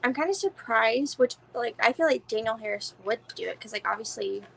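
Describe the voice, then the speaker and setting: A woman's voice: a little high, expressive, brisk, creaky, a bit bright, a little hiss or hum, low-quality recording. A woman guest in a casual watch party chat, talking chattily with lots of "like" and swearing. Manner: chatty, swears, heavy use of "like".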